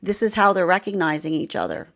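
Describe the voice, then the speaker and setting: A woman's voice: lowish voice, very animated, fast, gravelly, fairly bright tone. A woman reading tarot cards and talking through the energy in a chatty way, full of "like" and "right?", with frequent laughs. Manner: chatty, repeats herself, laughs often, says "right?" and "like". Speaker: tarot reader. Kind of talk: casual spiritual talk.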